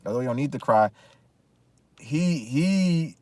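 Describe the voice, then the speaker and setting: A man's voice: mid-range voice, lively intonation, measured pace, a little mellow, no room sound. A man in a casual opinion rant, talking emphatically with many restarts and repeated phrases. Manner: emphatic, repetitive, frequent restarts. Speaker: commentary vlogger.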